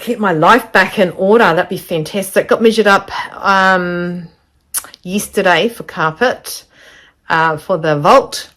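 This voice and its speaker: A woman's voice: lowish voice, fairly bright tone. Chatty, rambling woman sewing vlogger. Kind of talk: casual chat to camera. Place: home sewing studio.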